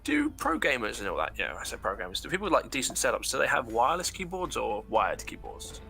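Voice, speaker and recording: Lively male co-streamer, gravelly and bright, chatty and joking. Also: mid-range voice, quick pace. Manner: chatty, joking, swears casually. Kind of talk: casual gameplay chat.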